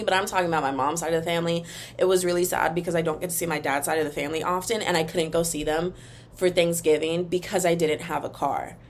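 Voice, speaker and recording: Rambling young woman podcaster, low voice. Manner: animated, emphatic, rambling, sings a taunting chant. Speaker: podcast host. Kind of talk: casual solo podcast rant.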